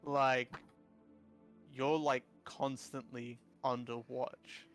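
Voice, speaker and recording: A man's voice: medium pitch, level tone, drawn-out words, soft background music. A man narrating a tabletop game as dungeon master, rambling with many fillers.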